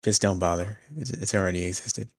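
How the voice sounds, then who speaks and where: A young man co-hosting a podcast, chatting casually with dry, deadpan humor. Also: low-pitched, a little fast, no echo. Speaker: podcast co-host. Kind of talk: casual chat.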